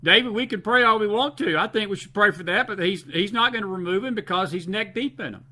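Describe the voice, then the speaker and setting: A man's voice: high voice, quick pace, bright, forceful tone. A man from the Southern United States with a Southern American accent, hosting a late-night live stream, reading viewer comments and repeating phrases for emphasis. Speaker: host.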